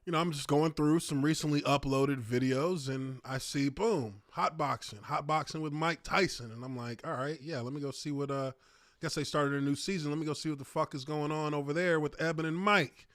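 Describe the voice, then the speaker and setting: A man's voice: a little high, fairly quick, dry recording, studio quality. A man hosting a podcast, telling a story in casual chat with lots of swearing. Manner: profane, animated storytelling. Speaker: podcast host.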